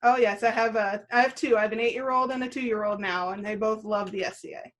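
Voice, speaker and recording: A woman's voice: medium pitch, fairly even intonation, fast, fairly bright tone. A woman in her thirties, a guest on an interview show, answering in an easygoing way with frequent "uh" and "um". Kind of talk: casual interview.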